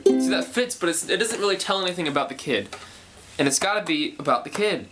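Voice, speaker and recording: A young man with a fairly high voice talks casually through his songwriting, thinking aloud and often restarting his sentences. A ukulele plays faintly under his voice. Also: expressive, quick pace, music in the background. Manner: thinking aloud, rambling, self-correcting. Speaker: songwriter explaining his process.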